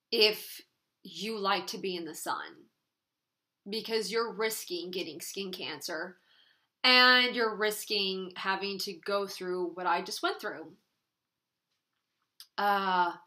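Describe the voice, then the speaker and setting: Bright-voiced young woman vlogging candidly. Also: mid-range voice. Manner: candid, earnest storytelling. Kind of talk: casual sit-down vlog chat.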